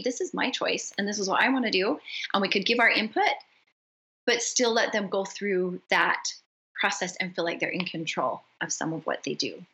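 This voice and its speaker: Middle-aged woman, podcast guest; bright and ringing, animated storyteller who acts out the dialogue. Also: mid-range voice, low-quality recording. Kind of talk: casual conversation.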